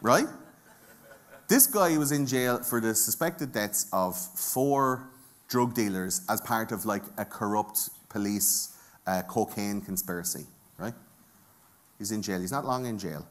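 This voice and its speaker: A man's voice: lowish voice, animated, measured pace. A man with an Irish accent giving a jokey, profane conference talk and bantering with the audience from the stage. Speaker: conference speaker. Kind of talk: comedic live talk.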